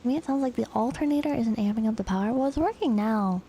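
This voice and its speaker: Woman streamer rambling thru a story, low warm voice w some vocal fry, faint hiss behind. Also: fast talker. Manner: rambling, animated retelling with frequent swearing. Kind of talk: casual storytelling chat.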